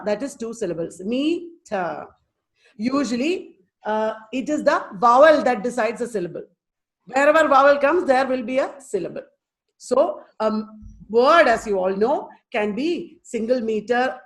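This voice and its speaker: High-voiced Indian woman teaching. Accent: Indian English. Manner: patient, repeats and sounds out words slowly. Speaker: teacher giving a webinar. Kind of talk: online lecture.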